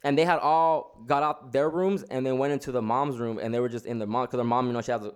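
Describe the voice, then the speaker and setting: Man, fast talker, mid-pitched voice, casual storytelling, slangy and rambling. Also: fairly even intonation, clear, resonant tone. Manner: rambling, slang-heavy, many restarts.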